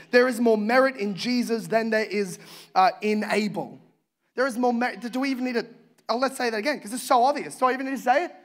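A man preaching a sermon as pastor, impassioned, swinging from hushed to loud. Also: very high-pitched.

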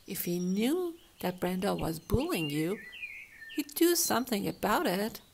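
A caring mother speaks in a calm, soothing way, voiced by a woman reading a storybook. Her pace is slow, and the tone carries a slight gravel. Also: medium pitch, a little hiss or hum. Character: gentle, caring mother of a schoolgirl.

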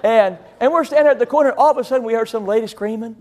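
A middle-aged man raised on an Illinois farm delivers a storytelling sermon. His voice sits high for a man, and he rambles through the anecdote with folksy, self-deprecating humor. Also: rapid-fire, a little mellow. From rural Illinois, USA. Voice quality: deaf in one ear. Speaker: pastor.

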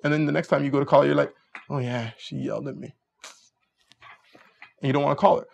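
Quick-paced and creaky, with a pitch on the high side, a dating coach gives relaxed advice. Through animated storytelling he acts out both sides of each conversation.

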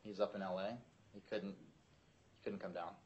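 A man in a recorded testimony interview, answering in measured, clipped replies and addressing the questioner as sir. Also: deep voice, flat delivery, darkish tone, muffled recording, slight background noise. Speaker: Marine interviewee.

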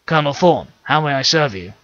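A dutiful clone soldier, crisp and formal with his superiors, as a man reads him for an audiobook. The tone is bright and clipped, and the recording is slightly dull. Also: fairly high pitch, animated, brisk, pitched above the performer's own voice.

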